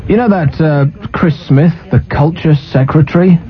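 A man's voice: on the high side, moderate pace, soft background music. A man hosting a talk radio show, ranting sardonically and mocking what he's seen on TV. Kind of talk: casual on-air banter. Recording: muffled radio broadcast.

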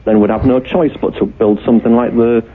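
A man's voice: mid-range voice, steady tone, a little fast, slightly rough. A man from Hull with a Yorkshire accent, calling a radio show to rant bluntly about his opinions. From Hull, England. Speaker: caller. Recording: tinny phone line.

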